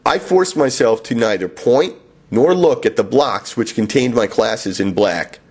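A man's voice: medium pitch, lively intonation, a little slow, a little mellow, husky. A man reading his own first-person memoir in a wry, sardonic way. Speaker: author and narrator.

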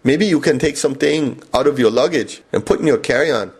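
A man's voice: medium pitch, fairly quick, breathy edge. A man voicing a blunt female airline counter clerk who speaks in clipped broken English. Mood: curt.

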